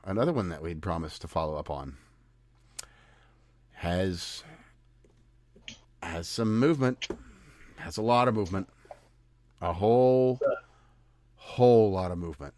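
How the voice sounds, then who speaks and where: A man's voice: low-pitched, lively intonation, measured pace, long pauses, a little mellow, no room sound. Sarcastic, indignant American man, dry mic. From United States. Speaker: podcast host. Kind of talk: casual chat.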